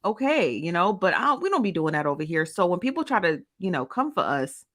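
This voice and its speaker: A woman's voice: lowish voice, sing-song, a bit bright. A young adult woman hosting a live gossip show, chatting casually with viewers and reading their comments aloud with easy laughs. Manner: chatty, laughs often, drawn-out Southern-style slang, reads comments aloud. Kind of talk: casual live-stream chat, greeting viewers.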